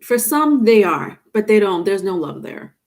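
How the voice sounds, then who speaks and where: A woman hosting a live tarot reading, with a voice in the middle range for a woman. She chats casually and warmly, reads viewer comments aloud and calls people honey, with small restarts and fillers along the way. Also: mid-range voice, sing-song, measured pace. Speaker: tarot reader.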